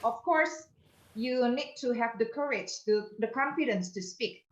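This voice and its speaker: A woman's voice: on the high side, unhurried, echoey room, lo-fi sound. A woman, a student in an online speaking class, answering the teacher's question with many fillers and careful explanations.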